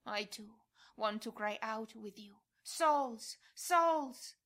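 Slow, hushed woman reading prayers. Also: mid-range voice, completely flat delivery. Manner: hushed, often sinking to a whisper. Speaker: prayer reader.

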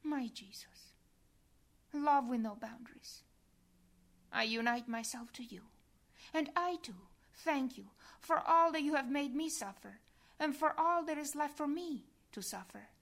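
Slow, soft-spoken woman reading a prayer. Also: high voice, animated. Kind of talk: devotional meditation reading.

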